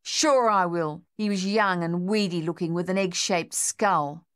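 A woman's voice: on the low side, a little slow, a bit bright, clean tone. A woman voicing a shaken young male Australian soldier, pleading and raw with despair. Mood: distraught.

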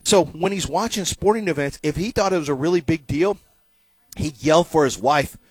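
A middle-aged man hosting a sports talk show, telling stories casually and growing loud when he quotes himself. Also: a little high, normal speed, breathy edge, no room sound. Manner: animated storyteller, loud when quoting himself. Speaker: radio sports show host.

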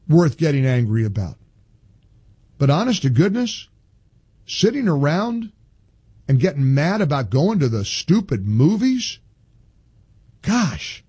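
An older man hosts a talk radio show with a mellow, slightly husky voice. He talks emphatically, doubling back on his words as he builds. The sound is close and dry. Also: medium pitch, no room sound. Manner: animated, emphatic, repeats himself.

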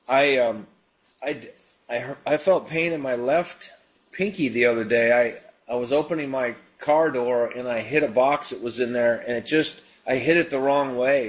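A man hosting a live call-in radio ministry, praying for callers and talking casually with plenty of fillers. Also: mid-range voice. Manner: prays and preaches in a relaxed, conversational way with frequent fillers. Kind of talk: live call-in prayer show.

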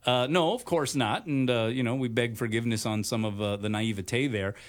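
Halting male sports radio host. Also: medium pitch. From Hawaii. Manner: halting, many "uh" fillers. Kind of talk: casual sports talk.

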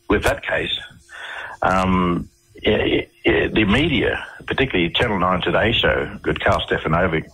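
Husky, deep Australian man telling stories. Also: fairly bright tone, poor audio. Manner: rambling, many restarts and fillers. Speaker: interview guest. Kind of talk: radio interview, storytelling.

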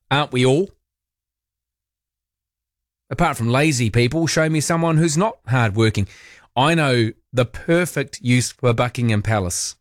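Chatty and opinionated, a male late-night radio host with a mid-range voice drops sarcastic remarks along the way. He's right up on the studio microphone, so the sound is dry and direct, with no room sound.

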